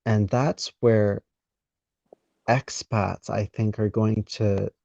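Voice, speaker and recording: Man, podcast host, gravelly, mellow, deliberate pacing, dull lo-fi sound. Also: fairly low pitch, steady tone, no echo. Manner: measured, deliberate, with pauses mid-sentence. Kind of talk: conversational interview.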